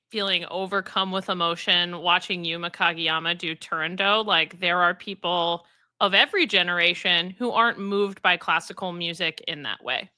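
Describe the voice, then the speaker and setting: A woman's voice: on the low side, bright, forceful tone, smooth. A woman co-hosting a podcast, dropping in short, wry interjections during casual chat. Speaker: podcast co-host.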